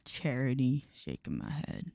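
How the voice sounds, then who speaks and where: A woman streaming a story game, chatting casually with a relaxed, quietly amused manner and casual swearing, into a close mic at home. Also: a bass voice, unhurried, gravelly, no echo. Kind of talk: casual let's-play chat.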